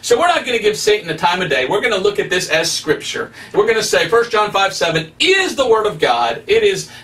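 A man's voice: high voice, sing-song, fairly quick, sharp tone, far from the mic. A man preaching as an evangelist, teaching Scripture with emphatic, rising stresses. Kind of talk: preaching Bible study.

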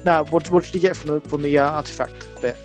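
A man with a somewhat high voice hosts a relaxed co-op game session. He chats and jokes, narrating each step he takes. Soft game music plays behind him. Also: quick pace. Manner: chatty, jokey, narrates his moves. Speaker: let's play host. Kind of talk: casual co-op gaming chat.

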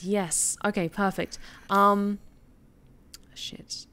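A woman's voice: mid-range voice, lively intonation, moderate pace, slight background noise. A woman streamer casually commenting while she plays a horror game, musing and theorizing aloud. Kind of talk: casual let's-play commentary.

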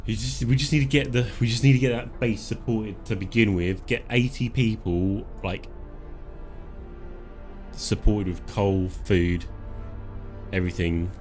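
Low-voiced joking gamer streaming live. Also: male voice, measured pace, long pauses, darkish tone, faint music behind. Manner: joking, chuckles often, self-talk while playing. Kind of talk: casual live game commentary.

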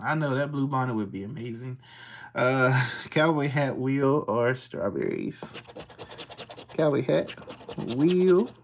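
Slow, gravelly livestream host. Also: medium pitch, slight background noise. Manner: slowly reads out scratch-off symbols and greets chat viewers. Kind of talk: casual livestream commentary.

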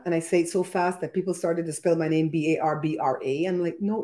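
A woman's voice: on the low side, a little fast, hardly any pauses, warm tone. A woman from Belize, hosting a live cooking stream from her home kitchen and chatting upbeat with viewers, greeting them by name. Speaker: cooking show host. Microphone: laptop live stream with a microphone.

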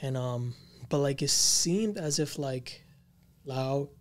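Slow, rambling male podcast host. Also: mid-range voice, animated. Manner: rambling, filler-heavy, slangy. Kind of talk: casual chat, telling a creepy story.

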